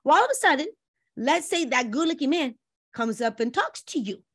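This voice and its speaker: High-voiced, animated woman relationship coach. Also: normal speed. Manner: lively, breaks into playful quoted voices. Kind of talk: animated advice chat with acted-out quotes.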